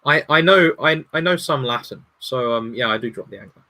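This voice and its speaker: A man's voice: medium pitch, a little fast. A man who is a guest on a casual livestream discussion, talking earnestly and handing out advice. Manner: earnest, advising, animated.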